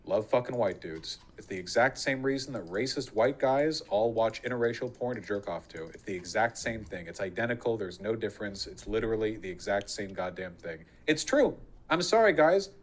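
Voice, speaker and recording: A man's voice: on the low side, lively intonation. A man talking casually on a stream, rattling off opinions in a rush and hedging with frequent fillers. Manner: rapid, hedging with 'like'. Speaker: streamer in a played clip.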